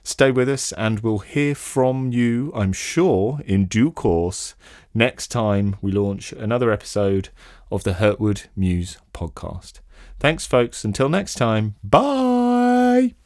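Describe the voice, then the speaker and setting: A man's voice: on the low side, slow, a little mellow, no echo, clean studio sound. A man hosting a podcast, introducing a guest in a loose, wry way with many ums. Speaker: podcast host.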